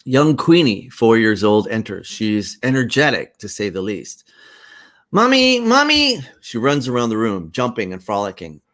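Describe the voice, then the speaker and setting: A man reading his own stage play aloud as a one-man reading, narrating scenes and voicing every role. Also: on the low side. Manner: slow, animated, laughing at his own lines.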